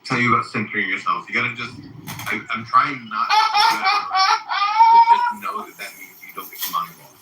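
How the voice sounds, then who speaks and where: A man's voice: medium pitch, wildly swooping pitch, moderate pace, roomy sound, distant mic, noisy background. A man hosting an online voice chat room, teasing and mocking others in casual banter.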